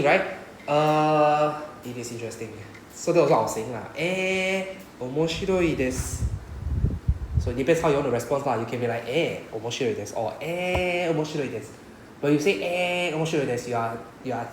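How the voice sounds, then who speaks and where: A man's voice: mid-range voice, a little mellow, roomy sound, slight background noise, low-quality recording. A man with a Singaporean English accent, teaching a Japanese class and explaining patiently, often checking with "right?". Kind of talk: classroom lecture.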